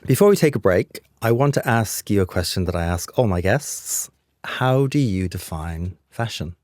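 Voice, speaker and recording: A man's voice: on the low side, expressive, moderate pace, a little mellow, dry recording, studio quality. A man hosting a podcast interview who asks questions and affirms his guest with short remarks. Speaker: podcast host.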